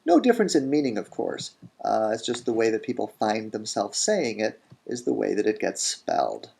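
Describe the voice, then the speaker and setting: A man teaching a grammar lesson in a recorded lecture, deliberate, saying each word form slowly and repeating it. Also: on the low side, big pitch swings, gravelly, a little mellow, breathy edge. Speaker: language teacher.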